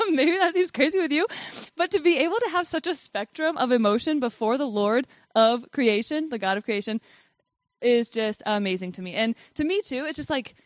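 A woman's voice: sits high, no room sound. A woman giving a casual devotional talk and reading Bible verses, who says "like" a lot and laughs often. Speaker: Bible study speaker.

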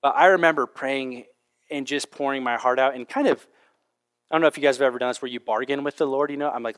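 Male pastor, mid-pitched voice, casual storytelling sermon with Bible reading. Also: fast, a bit bright. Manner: conversational storytelling with frequent fillers.

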